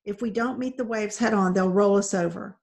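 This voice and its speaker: A woman's voice: mid-range voice, fairly quick, gravelly, darkish tone, lightly acted. A woman reading aloud, voicing a man who urgently calls out orders on a boat in a storm.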